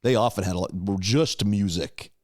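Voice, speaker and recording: A man's voice: lowish voice, normal speed, dry recording, clean studio sound. A man co-hosting a podcast, casually recapping episodes in a laid-back way, with lots of swearing. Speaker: podcast co-host.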